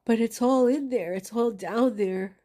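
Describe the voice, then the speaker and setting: A woman's voice: on the high side, a little slow, mellow. A woman in a confessional vlog monologue, talking in a raw, emotional way, full of anger and swearing. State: angry. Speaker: vlogger.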